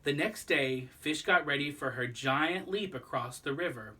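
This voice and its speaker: A man's voice: fairly high pitch, unhurried, distant mic. Man reading a children's storybook aloud. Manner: gentle, explaining asides to young listeners. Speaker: storybook reader.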